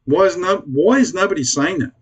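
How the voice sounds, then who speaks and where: A man's voice: sits high, a little fast, husky. An Australian man ranting bluntly to camera in a casual vlog, swearing freely and pleading with his viewers. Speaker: prepper vlogger.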